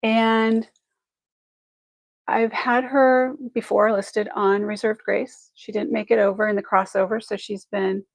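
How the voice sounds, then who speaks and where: A woman's voice: mid-range voice, flat delivery, a little slow, creaky, no echo, rough recording. A woman hosting a live online jewelry sale, chatty and effusive, thinking aloud as she measures pieces and thanks buyers. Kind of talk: live shopping stream chat.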